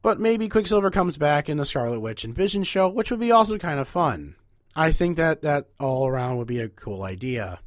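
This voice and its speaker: A man's voice: fairly high pitch, very animated, moderate pace, no echo, clean studio sound. A young man with a nasal voice hosting a casual, rambling podcast where he ranks movies. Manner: chatty, rambling, upbeat. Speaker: podcast host.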